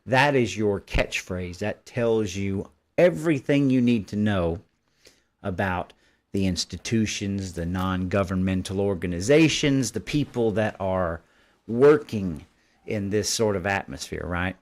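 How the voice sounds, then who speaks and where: A man's voice: lowish voice, unhurried. A man, hosting a live political commentary stream. He reads articles aloud and keeps stopping to pick them apart in a combative, dismissive tone. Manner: combative, dismissive, stops to editorialize. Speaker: host.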